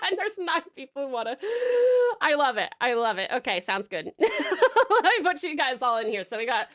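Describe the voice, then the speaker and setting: A woman's voice: high voice, big pitch swings, normal speed, fairly bright tone. A woman with an Australian accent, streaming live, chatting casually and giggling, calling her viewers pet names. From Tasmania, Australia. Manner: bubbly, giggly, showers chat with pet names.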